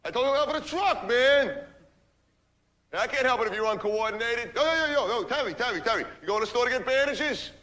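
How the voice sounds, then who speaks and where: An actor playing a rowdy street guy who shouts and hectors his friends. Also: very high voice, expressive, fast talker, full character voice. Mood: yelling. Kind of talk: stage monologue.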